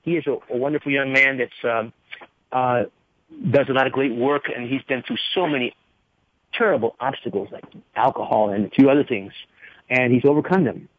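A man's voice: mid-range voice, a little hiss or hum. Male radio host, chatty and rambling, heard through a narrow tinny radio band. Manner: rambling, spells things out slowly. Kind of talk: casual radio talk. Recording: tinny phone-like radio audio.

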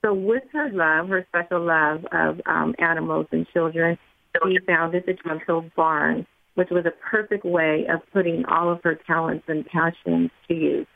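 A woman with a low, gravelly voice introduces the guest, hesitating with frequent ums. Her voice is dry and comes through a thin phone line. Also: steady tone, measured pace, no echo. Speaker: co-host.

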